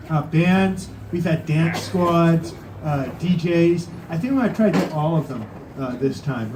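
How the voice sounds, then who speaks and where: A man hosting a live show, loose and chatty, often filling with "uh.". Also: on the high side. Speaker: show host. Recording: echoey room with background noise.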